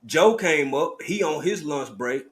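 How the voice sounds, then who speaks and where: A man's voice: fairly high pitch, expressive, measured pace, noisy background. Heartfelt man hosting a livestream. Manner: heartfelt, preacherly, calls listeners baby and family. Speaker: livestream host. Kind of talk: casual live stream chat.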